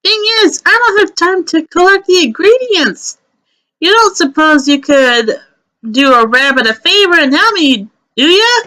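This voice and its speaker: A woman's voice: very high-pitched, expressive, unhurried, bright, forceful tone, voice pushed up, full character voice. A woman reading a game story aloud, voicing a busy, friendly male rabbit courier who is breezy, eager and a little boastful.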